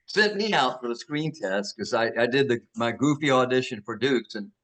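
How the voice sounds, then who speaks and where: An older actor being interviewed, telling animated stories with many restarts and acting out the voices of people he quotes. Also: medium pitch, moderate pace. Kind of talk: anecdotal storytelling.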